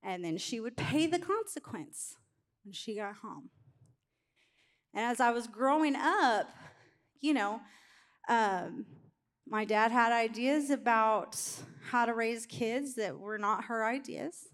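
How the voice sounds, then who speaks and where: A middle-aged woman preaching a sermon, telling a candid personal story in an animated way. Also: on the high side, takes it slowly.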